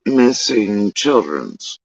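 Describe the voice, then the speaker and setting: A man's voice: lowish voice, big pitch swings, drawn-out words, vocal fry, slightly rough, no echo, dull audio, soft background music. Heated, profane man on a livestream. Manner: heated, profane, emphatic storytelling. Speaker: livestream host. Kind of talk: casual livestream monologue.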